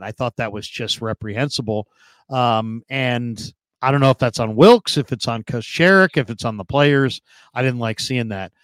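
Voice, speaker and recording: A man hosting a sports talk show, chatting casually and asking questions, with frequent pauses to think. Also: mid-range voice, a bit bright, no echo. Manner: conversational, asks questions, hesitant fillers. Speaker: host.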